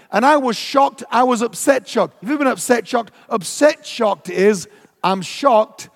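A man preaching a storytelling sermon, animated and emphatic, acting out his own reactions. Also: very high-pitched, long reverb tail.

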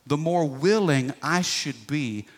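A man's voice: fairly high pitch, lively intonation, slow. A pastor in his forties preaching a sermon, folksy and emphatic, calling for responses from the congregation. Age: 40s. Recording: long reverb of a large hall.

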